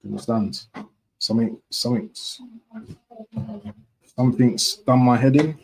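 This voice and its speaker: A man's voice: mid-range voice, measured pace, gravelly, pauses often, a little mellow, rough recording. A man from talking casually to his viewers on a live stream, repeating himself and often asking "yeah?". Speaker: football fan streamer.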